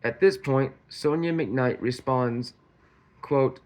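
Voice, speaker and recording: A man's voice: medium pitch, measured pace, a little mellow. Sarcastic, laughing commentary man. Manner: laughs often, rambling and sarcastic; colloquial, says y'all. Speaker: true-crime commentary host. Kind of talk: casual commentary vlog.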